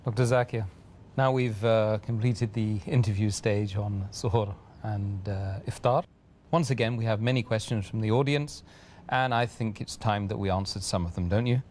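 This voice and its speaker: A man's voice: lowish voice, moderate pace, darkish tone, slight background noise. A man hosting an interview, politely thanking his guest and reading out audience questions. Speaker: host.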